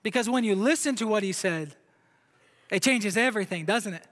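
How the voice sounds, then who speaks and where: High-voiced preaching man in an echoing hall. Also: normal speed, fairly bright tone. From Brazil. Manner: emphatic preaching, asks the crowd questions. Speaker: pastor. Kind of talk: sermon. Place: church sanctuary. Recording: long hall reverb.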